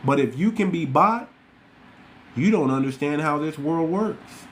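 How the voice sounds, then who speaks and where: A man delivers blunt, repetitive podcast commentary, talking straight at his listeners. His voice sits a little high for a man. A faint hiss of ambience runs under the recording. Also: animated, unhurried. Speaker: podcast host. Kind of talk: casual commentary monologue.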